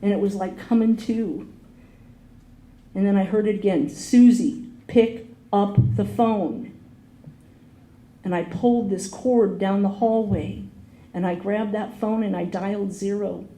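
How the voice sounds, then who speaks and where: Dark-voiced woman telling her story. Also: medium pitch, fairly even intonation, moderate pace. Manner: earnest storytelling, voices quoted people. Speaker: AA speaker. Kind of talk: recovery talk, personal story. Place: meeting hall. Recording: echoey room with faint noise.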